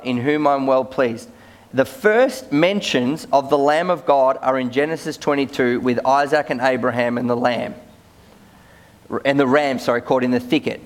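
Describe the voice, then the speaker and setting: A man preaching a sermon as a pastor, conversational, often repeating words as he starts sentences. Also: medium pitch.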